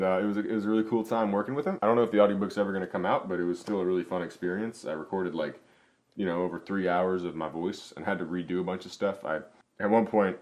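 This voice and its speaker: A young man hosting a vlog, chatting enthusiastically and casually with frequent restarts and fillers. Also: sits low. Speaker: vlog host. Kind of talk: casual book review chat.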